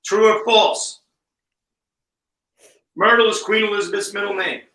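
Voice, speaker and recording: A man's voice: high-pitched, fairly even intonation, unhurried, sharp tone. A man co-hosting a casual talk show, teasing his guests as he reads out multiple-choice trivia questions. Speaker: co-host running a trivia quiz. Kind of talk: casual chat, quiz questions. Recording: roomy sound, distant mic.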